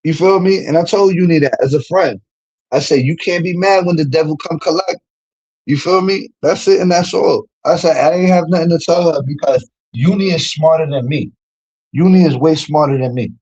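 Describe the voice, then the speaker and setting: A man, ranting in casual livestream chat, slangy and animated, laughing often. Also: fairly high pitch, moderate pace, husky, highs cut off. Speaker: streamer.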